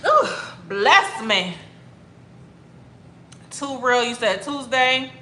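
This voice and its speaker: A woman's voice: on the high side, very animated, drawn-out words, sharp tone, a little hiss or hum. A woman from Miami casually chatting with viewers on a livestream, greeting them by name and drawing out her words. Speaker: livestream host. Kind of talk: casual livestream chat reading comments. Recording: echoey room.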